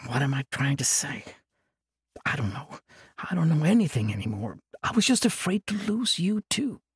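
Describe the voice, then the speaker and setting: A man's voice: a little high, big pitch swings, normal speed, slightly rough, no room sound, studio quality, exaggerated voice. A man voicing a remorseful young male monk who speaks earnestly and in pain in an audiobook. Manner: earnest, pained, confessional. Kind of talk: audiobook character voice.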